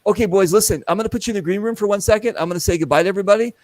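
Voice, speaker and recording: A middle-aged man with a slightly high voice hosts a casual show. He tells anecdotes in an animated way, acting out other people's lines as he goes. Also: racing, no echo, rough recording. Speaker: podcast host. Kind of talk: casual storytelling.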